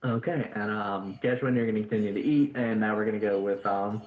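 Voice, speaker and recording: A man's voice: fairly low pitch, fairly even intonation, a little fast. A man narrating as dungeon master, rambling with lots of fillers. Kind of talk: narrating a tabletop game. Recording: echoey, tinny voice-chat line.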